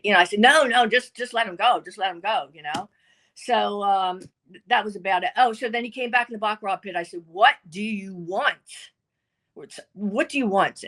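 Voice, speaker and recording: An older woman, a guest, telling a long dating story casually and acting out the people she quotes. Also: mid-range voice. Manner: animated, acts out quotes.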